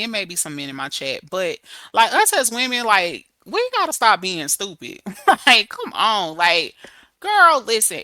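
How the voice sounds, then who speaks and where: A young woman hosting a casual livestream, sassy and emphatic, chatting with viewers and softly reading out their comments. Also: mid-range voice, no echo. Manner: drops to a soft murmur reading viewer comments. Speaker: livestream host reading chat.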